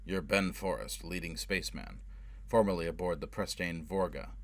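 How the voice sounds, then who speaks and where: Low-voiced narrator as a relentless avenger, harsh, pushing, audiobook. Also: male voice, moderate pace. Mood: demanding. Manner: harsh, driving interrogation. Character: brutal, obsessed man hunting for revenge. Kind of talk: audiobook character voice.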